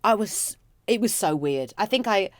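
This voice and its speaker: A woman's voice: mid-range voice, moderate pace, no room sound. A British woman radio host telling a story in casual chat, acting out what she said at the time. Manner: animated storytelling with acted-out quotes.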